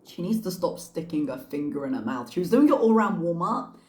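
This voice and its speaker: A woman's voice: on the low side, sing-song, brisk, a little mellow. A woman hosting a reaction channel, giving casual commentary with wry, sarcastic asides. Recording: echoey room.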